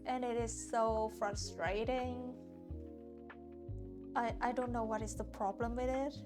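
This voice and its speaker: A woman's voice: a little high, steady tone, measured pace. A woman from Hanoi whose first language is Vietnamese, chatting casually with her viewers while painting on stream, often restarting and searching for words. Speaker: art streamer. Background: soft lo-fi music.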